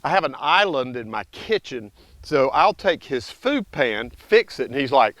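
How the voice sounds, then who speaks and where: A man's voice: mid-range voice, sing-song, unhurried, fairly bright tone, dry recording. A middle-aged man, a dog trainer, explains in a casual, conversational way in his home kitchen, breaking off to give short, firm commands to a dog. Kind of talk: casual instructional vlog.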